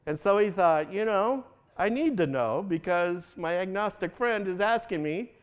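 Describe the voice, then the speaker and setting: A man gives a sermon in a loose, chatty way, turning to the congregation with questions and voicing the people in his stories. His voice is smooth and resonant and sits a little high for a man. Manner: conversational, asks the audience questions, acts out quotes with rising pitch. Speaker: pastor.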